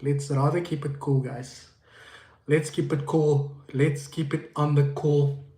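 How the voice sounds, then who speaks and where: Male streamer, slightly high voice, loose and rambling, talking into a phone in a reverberant room. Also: level tone, slow, dark tone. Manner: greets viewers by name, rambling and repetitive. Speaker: livestream host. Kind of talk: casual livestream chat. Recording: echoey room.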